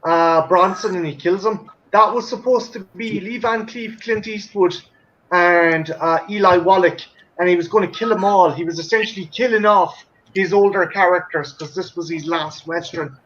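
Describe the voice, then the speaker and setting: An enthusiastic man in a casual chat who swears freely as he tells stories. His voice is high, and the recording sounds slightly dull and lo-fi. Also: moderate pace, fairly bright tone.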